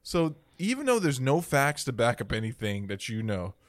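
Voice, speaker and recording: Excitable male podcast co-host, dry sound. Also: medium pitch, normal speed, no echo. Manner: excitable, laughs a lot, tells stories. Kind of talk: casual podcast chat.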